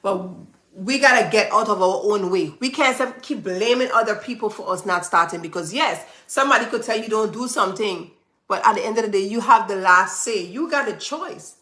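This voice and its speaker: Emphatic woman with a bright voice. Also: mid-range voice, moderate pace, reverberant. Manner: emphatic, preachy, repeats phrases for stress. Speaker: business owner giving motivational advice. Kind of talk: motivational talk to camera.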